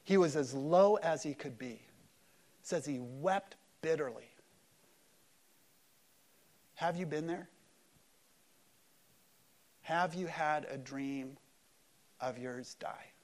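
A man preaching an Easter sermon at a church service, swinging between loud emphatic peaks and hushed, quiet lows. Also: slow pace, pauses often. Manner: acts out quoted voices in prayer-like dialogue. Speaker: pastor.

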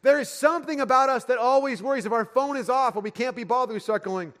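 A man's voice: very high-pitched, fast talker, hardly any pauses, a bit bright, in a large hall. A man preaching a sermon as pastor, conversational and joking, slipping into everyday voices to make his points.

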